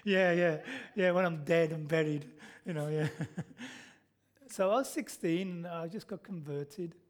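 A man's voice: a little high, measured pace. A middle-aged man preaching a sermon in a church, telling stories and asking the congregation questions that he answers himself. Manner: storytelling, asks the congregation questions and answers them. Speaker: pastor.

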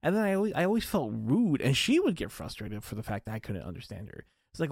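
Gravelly, animated young man podcasting. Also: mid-range voice, quick pace, few pauses, dry recording, studio quality. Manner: rambling, self-deprecating, many fillers and restarts. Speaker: podcast host. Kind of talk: casual solo podcast chat.

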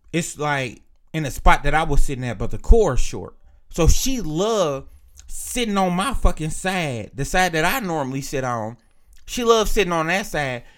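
A young man spins a casual, profanity-laced story about an argument, voicing both himself and the other person. His voice sits slightly high and swoops widely in pitch as he acts out the lines. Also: fairly bright tone.

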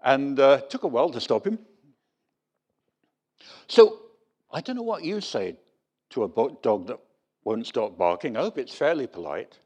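A man's voice: mid-range voice, normal speed, pauses often. A man preaching a sermon, telling stories with wry humour. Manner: lively storytelling with wry humour.

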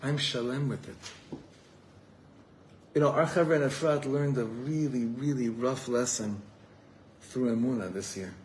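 Earnest rabbi addressing a gathering. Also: male voice, mid-range voice, measured pace, long pauses, darkish tone, a little hiss or hum, poor audio. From Los Angeles, USA. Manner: earnest and heartfelt, repeats words while searching for them, weaves in Hebrew terms. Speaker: rabbi giving a talk. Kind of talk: live inspirational talk to a gathering. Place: evening gathering before a live audience.

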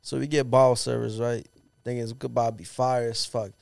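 A man's voice: mid-range voice, level tone, brisk, gravelly, a little mellow, no room sound. A man telling stories in a casual, profane, slang-heavy chat as a podcast co-host.

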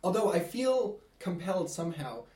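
Soft-toned man adding careful caveats. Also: sits high, very animated. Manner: measured, hedging, adds caveats. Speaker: podcast co-host. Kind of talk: casual discussion. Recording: roomy echo.

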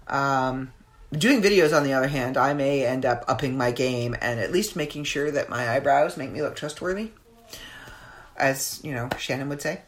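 Low-voiced lady rambling on her podcast, chatty, lots of ums. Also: normal speed, slight background noise. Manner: chatty, rambling, with many fillers. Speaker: podcast host. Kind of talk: casual chat.

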